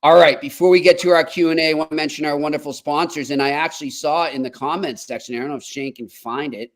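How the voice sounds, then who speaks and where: A man co-hosting a hockey podcast, chatting casually and reading sponsor ads in an upbeat, quick manner. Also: a little high, fairly even intonation. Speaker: podcast co-host.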